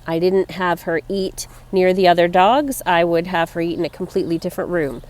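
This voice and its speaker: A woman's voice: on the low side, steady tone, fairly quick, darkish tone. A woman talking casually to her viewers in a personal vlog, chatty and rambling, fond and tender as she talks about her pets. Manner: chatty and rambling, laughs between thoughts. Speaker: vlogger.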